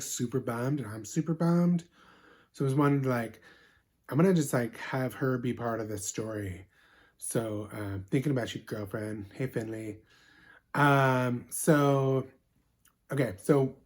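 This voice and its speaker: A man's voice: medium pitch, darkish tone, lightly acted. A man playing a bubbly, sweet-natured young woman who talks with constant 'like' fillers while telling a comedic story. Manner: ditzy, filler-heavy 'like' talk.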